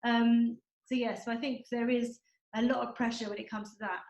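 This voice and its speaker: A woman with a high, bright-pitched voice talks in a chatty, rambling way. She is heard over a video call from an echoey room. The tone is casual and conversational. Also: little pitch movement, moderate pace. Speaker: guest and author, mother.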